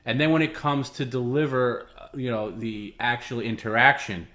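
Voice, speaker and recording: A man's voice: mid-range voice, steady tone, normal speed, pushed and bright, echoey room. A man hosting a live stream, patiently explaining the rules of a challenge in a casual way. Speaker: stream host.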